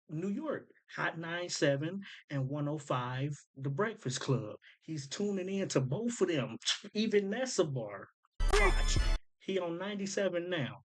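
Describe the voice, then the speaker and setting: A man's voice: fairly high pitch, rough recording. A man hosting a casual commentary, eagerly explaining and pointing out details as he goes. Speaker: host breaking down rap lyrics.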